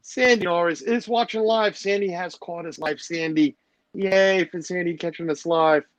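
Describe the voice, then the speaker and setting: A man's voice: sits high, fairly even intonation, normal speed, dry recording. A middle-aged man hosting a livestream, rambling and joking as he greets his chat. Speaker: livestream host. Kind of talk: casual chat with a live audience.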